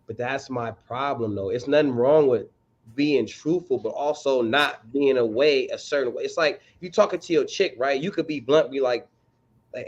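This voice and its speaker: A man's voice: medium pitch, normal speed. Male co-host, blunt and slangy, casual sports debate, a bit muffled. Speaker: podcast co-host.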